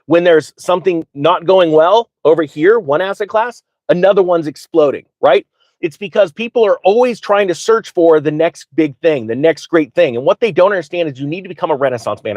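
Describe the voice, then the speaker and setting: A man hosting a live finance stream, talking off the cuff with excitement, often stumbling and restarting, and speaking straight to his viewers. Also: a little high, a little fast, no room sound. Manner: direct, addresses viewers and asks them to type answers. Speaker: finance livestream host. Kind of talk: live unscripted finance talk.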